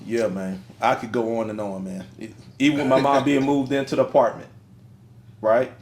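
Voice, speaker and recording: A man's voice: mid-range voice, fairly quick. A middle-aged man co-hosting a podcast, telling stories in a casual, slangy and emphatic way. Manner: animated storyteller, slangy and emphatic. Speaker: podcast co-host. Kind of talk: casual conversation. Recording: roomy echo.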